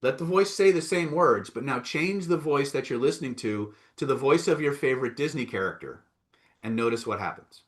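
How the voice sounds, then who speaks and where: Guy running a live self-help class online, mid-pitched, keeps asking "right?" and gets loud on the big points. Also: animated, fairly quick. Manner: coaxing, repeats "right?" and "okay?", reads out chat replies. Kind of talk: live online training session.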